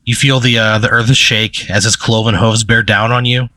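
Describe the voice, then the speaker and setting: Man, podcast host, bright tense tone, dry close sound, rambling deadpan storytelling. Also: lowish voice, normal speed, no echo. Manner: rambling, deadpan narration with fillers. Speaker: podcast host telling a hypothetical. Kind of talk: improvised comic storytelling.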